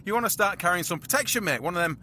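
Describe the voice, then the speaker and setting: A man's voice: high-pitched, lively intonation, racing, sharp tone, a little hiss or hum, heavily acted. An actor playing a cocky, blunt English man who talks in a brash, wisecracking way in a sitcom. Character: cocky, blunt working-class English bloke. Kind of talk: sitcom acting.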